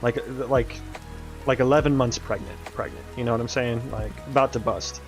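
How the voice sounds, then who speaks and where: Coding on stream, a young man rambles casually about his game in a relaxed way, laughing and cursing now and then. His voice is medium-pitched with fairly even intonation and a moderate pace, and faint music plays in the background.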